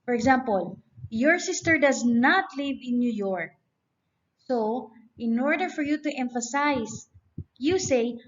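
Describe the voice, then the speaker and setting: A woman's voice: a little high, animated, unhurried. A woman giving a grammar lecture, explaining step by step and reading example sentences aloud. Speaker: teacher. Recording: dull lo-fi recording.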